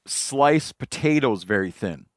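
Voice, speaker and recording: A man's voice: medium pitch, animated, measured pace, no echo, studio quality. A man hosting a podcast, telling rambling fishing stories and laughing along in casual chat. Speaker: podcast host.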